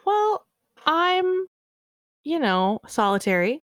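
A woman's voice: sits high, very animated, slow, fairly bright tone, no room sound, clean studio sound. A woman in her thirties co-hosting a podcast, chatting casually in a hesitant, self-deprecating way with many fillers. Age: 30s. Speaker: podcast co-host.

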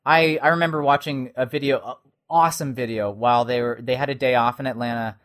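A man's voice: mid-range voice, fairly even intonation, fast talker, fairly bright tone. Rambling man in casual chat. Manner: rambling, many restarts and fillers. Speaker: podcast co-host, Spider-Man performer and suit builder.

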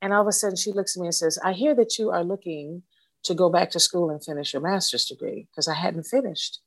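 A woman's voice: lowish voice, quick pace, dry recording. A woman in her sixties, an interview guest, who tells her story with animation and acts out the voices she quotes. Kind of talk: storytelling in conversation.

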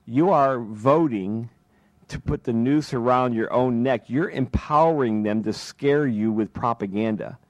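A man's voice: medium pitch, a little slow, no room sound. A man hosting a talk radio show, delivering an impassioned political monologue full of rhetorical questions from a studio microphone.

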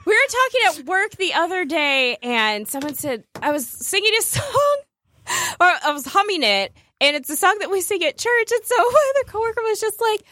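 A woman chatting casually as a co-host, a giggly, animated storyteller who often breaks into bits of song. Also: very high-pitched, normal speed, dry recording. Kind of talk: casual chat.

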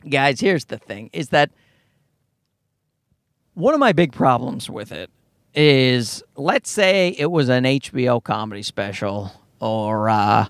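A man's voice: medium pitch, no room sound, clean studio sound. A man hosting a comedy podcast, ranting in a worked-up way and swearing freely. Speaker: podcast host.

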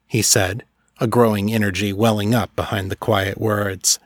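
A man narrating a fantasy story in a measured, dramatic way. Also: fairly low pitch, level tone, no room sound, studio quality. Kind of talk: scripted narration.

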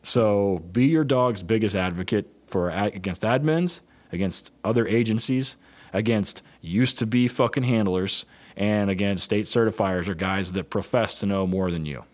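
A man's voice: fairly low pitch, normal speed. A middle-aged man, a police dog handler trainer, telling blunt and profane stories in casual chat. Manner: blunt, profane, animated storytelling.

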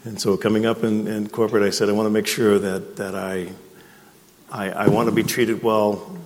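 A man with a lowish voice speaks as a guest executive before a breakfast crowd. He talks plainly and repeats words while he finds them. The sound carries a long hall reverb. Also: level tone, moderate pace, darkish tone. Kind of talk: talk to a live breakfast audience. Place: event hall.

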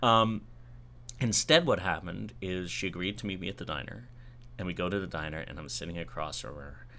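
A man in casual conversation, telling a personal story in an animated, self-deprecating way. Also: low-pitched, brisk, gravelly, a little hiss or hum.

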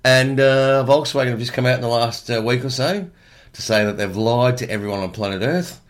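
A man's voice: mid-range voice, a little fast. A man chatting casually on a podcast, mock-serious and joking, often stumbling and restarting. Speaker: podcast co-host. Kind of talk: casual chat.

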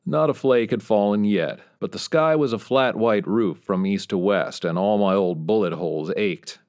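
A man narrating a first-person story in a wry, dry voice with dark humor. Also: fairly low pitch, normal speed. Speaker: audiobook narrator.

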